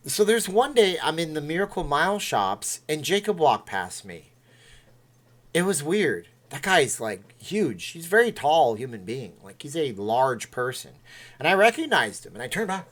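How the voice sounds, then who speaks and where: A man hosting a casual livestream, talking in a loose, rambling way as he reacts to viewer comments. His pitch rises and falls a lot, so he sounds animated even when he is just chatting. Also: normal speed. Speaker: livestream host.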